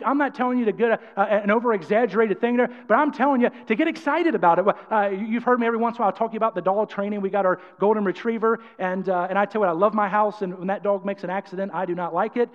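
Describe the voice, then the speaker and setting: A man's voice: high-pitched, fast talker. A man preaching a sermon with energy and emphasis, often acting out quotes. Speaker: pastor. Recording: dull sound, long church-hall reverb.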